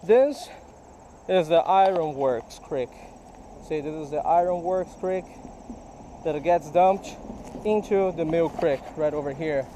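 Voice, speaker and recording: This fishing vlogger speaks at a measured pace in a slightly high voice with a dark tone, over a little hiss or hum in a low-quality recording. By a creek, he narrates casually and chats directly with his viewers while he fishes.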